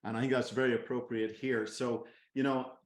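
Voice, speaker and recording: A man's voice: mid-range voice, flat delivery, brisk, reverberant. A man hosting a call interview, encouraging and affirming his guests. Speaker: host.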